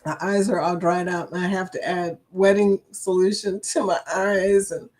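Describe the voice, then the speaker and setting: A woman's voice: fairly low pitch, level tone, normal speed, a little mellow. An older woman hosting a casual live-stream chat, chatty and laughing often as she reads viewers' comments aloud, with a slight cough and a dry throat.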